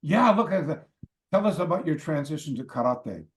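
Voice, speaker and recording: A martial arts teacher in his later years tells digressive stories as a guest on a call, animated and heavy with fillers and tangents. His slightly high voice comes at a normal speed, with reverberation in the audio.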